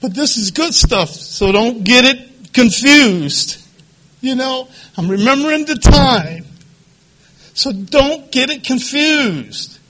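A middle-aged man from the Philadelphia area with a quivering voice, giving emotional personal testimony at a support group meeting, halting and repeating phrases. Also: very high voice, expressive, sharp tone. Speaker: recovery meeting speaker.

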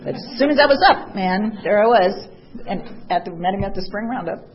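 A woman's voice: mid-range voice, expressive, fairly quick, muffled recording. A woman from Southern California telling her recovery story in a candid, chatty way, full of fillers and wry humor. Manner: candid and chatty, many "you know" fillers, wry laughs. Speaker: speaker sharing at a recovery meeting. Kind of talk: personal recovery story, casual.

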